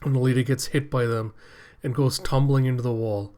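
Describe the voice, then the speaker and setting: A man hosting a casual reaction video, retelling a comic in a chatty, paraphrasing way with quick asides. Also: medium pitch, steady tone, darkish tone.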